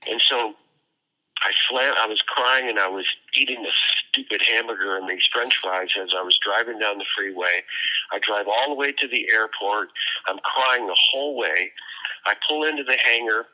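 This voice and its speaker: Man, earnest storyteller, halting delivery, slightly low voice, muffled lo-fi audio. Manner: earnest, halting, with repeated restarts. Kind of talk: personal anecdote, told conversationally. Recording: dull lo-fi audio.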